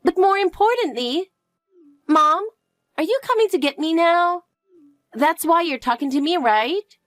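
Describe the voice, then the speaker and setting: A woman voicing a timid, clingy little girl who asks and pleads in a high, eager voice. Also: lively intonation, unhurried, a bit bright, no room sound, heavily acted. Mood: pleading.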